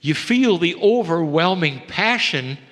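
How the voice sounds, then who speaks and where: A man delivering a channeled spiritual message to a seminar audience, measured and intimate, often sinking to hushed tones. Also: high voice, lively intonation. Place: seminar hall. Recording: long hall reverb.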